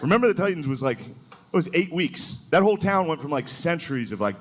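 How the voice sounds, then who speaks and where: A man doing a crude stand-up comedy set, saying "dude" a lot and jumping into high-pitched quoted voices. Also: expressive, fast. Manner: crude, loose delivery with frequent "dude" and sudden high-pitched acted quotes. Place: comedy venue with a laughing audience. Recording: live club recording with crowd noise. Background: audience laughter.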